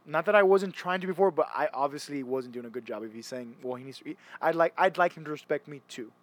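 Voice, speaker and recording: A young man with a slightly higher voice talks in a loose, rambling way. He restarts his sentences often and slips into quoted voices while he retells a story. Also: fast, no echo. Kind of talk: casual chat.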